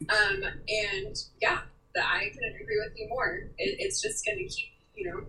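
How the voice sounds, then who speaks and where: Lively, bright-voiced young woman. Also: sits high, normal speed, recorded from a distance, low-quality recording. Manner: animated, emotional, acts out quotes. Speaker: guest. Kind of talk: candid interview talk.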